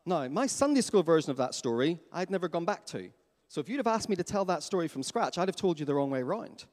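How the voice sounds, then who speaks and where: A man preaching a sermon as pastor in a church, lively and questioning his congregation. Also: a little high, fast. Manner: animated, asks the congregation questions. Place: church hall. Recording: long hall reverb.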